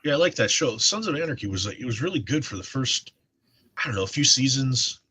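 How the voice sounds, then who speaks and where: A man chatting casually on a stream, rambling and halting with restarts. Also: mid-range voice, expressive, sharp tone, breathy edge.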